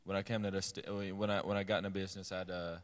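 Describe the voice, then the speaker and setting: A man's voice: low-pitched, level tone, racing. A man with a West Indian accent, talking loosely with many fillers and restarts as a guest on a convention panel. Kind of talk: casual panel chat.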